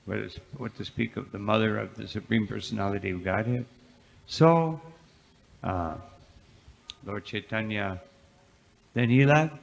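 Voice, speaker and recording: A man, a monk, giving a devotional scripture class as a lively storyteller with frequent asides. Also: on the low side, measured pace, creaky, long pauses. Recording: reverberant hall.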